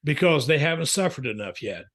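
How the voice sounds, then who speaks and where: A man's voice: fairly high pitch, expressive, a little fast, fairly bright tone. A man, a counselor and author, telling folksy stories in a podcast interview. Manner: folksy storyteller, chuckling asides.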